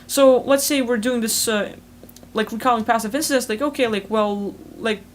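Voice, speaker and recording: A woman hosting a spiritual channel, talking fast and rambling in a casual explanatory monologue full of fillers, recorded over a video call. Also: a little high, slight background noise.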